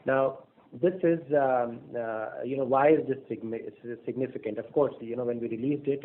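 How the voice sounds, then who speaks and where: Man on a tinny conference line. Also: medium pitch. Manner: measured, with frequent fillers and restarts. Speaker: bank executive on an earnings call. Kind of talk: business presentation on a conference call. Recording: phone-line audio.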